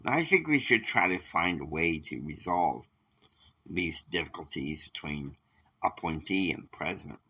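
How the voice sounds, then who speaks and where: A man voicing a political adviser in an amateur role-play, who speaks in a hushed, placating way to calm an argument. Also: low voice, a little slow, breathy edge, voice pushed down, exaggerated voice, low-quality recording. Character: soft-spoken male political adviser, calm peacemaker.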